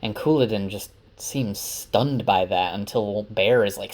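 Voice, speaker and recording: A man's voice: fairly low pitch, measured pace, hardly any pauses. Chatty man recapping a story. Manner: chatty, with frequent uh fillers. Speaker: book summarizer.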